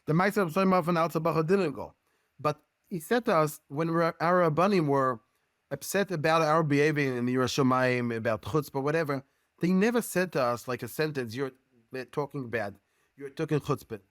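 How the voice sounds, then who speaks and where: Earnest rabbi, Hebrew-native, halting English. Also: male voice, fairly high pitch, fairly bright tone, no room sound, clean studio sound. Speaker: guest rabbi and educator. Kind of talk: podcast discussion.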